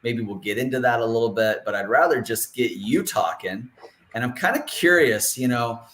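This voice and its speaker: A man's voice: mid-range voice, animated, normal speed, a bit bright. Joking, chatty man hosting an interview. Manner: joking, chatty, stumbling restarts. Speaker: interview host. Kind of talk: casual interview chat.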